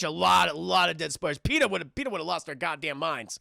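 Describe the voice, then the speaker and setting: A young man recapping a film to his livestream chat, swearing freely and mimicking the characters in quick put-on voices. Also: on the high side, expressive, gravelly, sharp tone, no echo. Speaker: streamer reviewing a film with chat.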